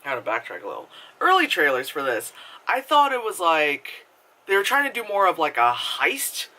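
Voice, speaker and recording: A man's voice: on the high side, huge pitch swings, normal speed, bright, forceful tone. A man giving a casual, rambling movie review, full of fillers and swearing. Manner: rambling, filler-heavy, profane.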